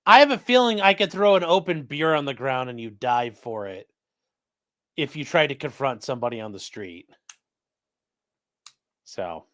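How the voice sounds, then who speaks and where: Mocking, lively-voiced male streamer. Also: medium pitch, normal speed, pauses often. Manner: mocking, profane. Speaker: livestream host. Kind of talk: live commentary on court filings. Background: live chat stream.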